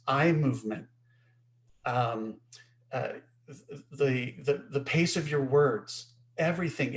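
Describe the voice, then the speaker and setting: A man co-hosting an online webinar, explaining ideas emphatically and often checking in with the listeners. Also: mid-range voice. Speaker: co-host teaching a webinar. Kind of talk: webinar teaching.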